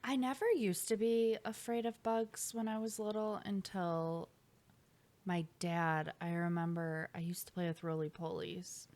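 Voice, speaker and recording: A woman with a somewhat low voice co-hosts a casual podcast chat in a home basement studio. She talks in a chatty way and acts out what people said as she tells her stories. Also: fairly even intonation, unhurried, a little mellow, slight background noise. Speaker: podcast co-host.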